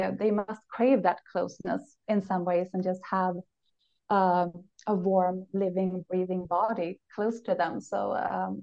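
Lively non-native English-speaking woman, lo-fi sound. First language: not English. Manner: enthusiastic, laughs often, rises in pitch when excited. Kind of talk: casual chat. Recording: dull lo-fi recording.

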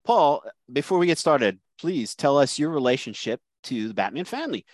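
A man hosting a podcast, friendly and quick to laugh. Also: a little high, big pitch swings, dry recording. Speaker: podcast host.

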